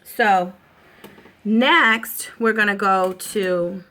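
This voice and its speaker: Extremely slow and sharp-toned, a medium-pitched woman in her thirties with a Boston accent hosts an informal makeup tutorial from home. She keeps things chatty and reassuring, with plenty of fillers along the way.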